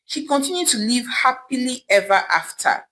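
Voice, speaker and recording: A woman tells a folktale in a dramatic, animated way. Her voice sits a little high and swings widely in pitch. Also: normal speed, slight background noise, low-quality recording. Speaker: storyteller. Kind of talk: folktale narration.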